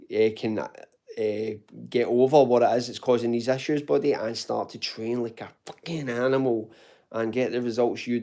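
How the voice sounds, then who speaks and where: A man's voice: medium pitch, dark tone. A man from Glasgow with a toned-down Glaswegian accent, hosting a casual live fitness Q&A at home, chatty and informal, calling viewers mate and swearing now and then. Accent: Glaswegian Scottish, toned down. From Glasgow, Scotland. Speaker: fitness channel host answering live chat.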